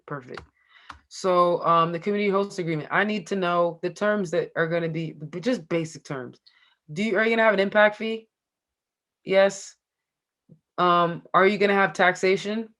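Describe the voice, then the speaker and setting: A woman's voice: on the low side, moderate pace, a bit bright. Chatty joking woman law instructor. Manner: joking, chatty, addresses the class directly. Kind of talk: casual classroom lecture.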